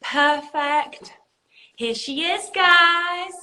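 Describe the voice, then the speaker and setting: Woman host, slightly breathless, bright high voice, phone livestream in an echoey room. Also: moderate pace. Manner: warm, chatty, calls viewers darling. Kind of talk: casual live chat.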